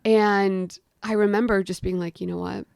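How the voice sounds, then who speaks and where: A young woman, a guest storyteller, tells a tale in a chatty, casual way, sprinkling in plenty of "like" and acting out her own and other people's voices. Her medium-pitched voice is smooth and darkish, with fairly even intonation, moderate pace and vocal fry, recorded dry and close with no room sound.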